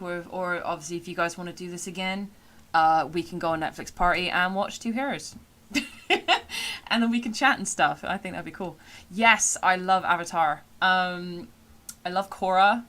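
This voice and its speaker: A woman with a Somerset accent chats casually on a stream, rambling along with plenty of fillers and laughs. Her voice is bright and clear, pitched a little low. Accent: Somerset English. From England. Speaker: streamer and voice actor. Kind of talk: casual live-stream chat.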